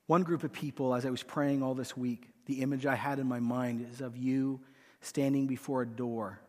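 A man preaching a sermon and leading a hushed, pleading prayer from a church stage. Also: medium pitch, flat delivery, moderate pace. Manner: earnest, hushed and pleading, voicing Jesus softly. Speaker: pastor. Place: large church auditorium. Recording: long hall reverb.

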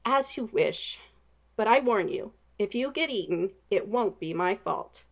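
A woman voicing a boastful, pompous young male knight who declaims loudly and slowly. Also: mid-range voice, lively intonation, lo-fi sound. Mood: grandly indignant. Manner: loud, slow and declaiming.

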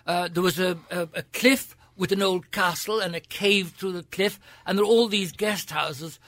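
Older Irish man, grand gravelly storyteller. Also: sits high, steady tone, moderate pace, fairly bright tone, dry recording. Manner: grand, theatrical, witty raconteur. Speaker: interview guest, senator. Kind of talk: anecdotal storytelling.

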